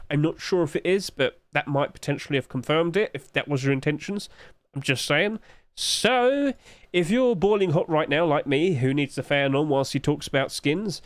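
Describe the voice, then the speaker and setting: A man's voice: on the high side, no echo. A young man hosting a casual video, chatting as he reviews items and asking viewers questions. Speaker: host reviewing game skins.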